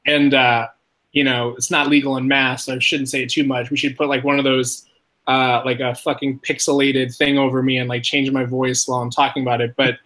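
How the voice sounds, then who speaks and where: Rambling, swearing man telling a story. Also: low-quality recording. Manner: rambling, swears freely, lots of "like" fillers; animated, jumps higher when quoting himself. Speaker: podcast host. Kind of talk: casual storytelling. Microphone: podcast mic.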